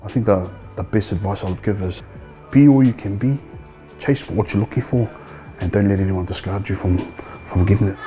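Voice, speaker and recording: A man's voice: fairly low pitch, brisk, music in the background. Laid-back New Zealand man, candid. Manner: relaxed, rambling, swears freely. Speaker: stand-up comedian, men's housing manager. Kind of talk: candid interview storytelling.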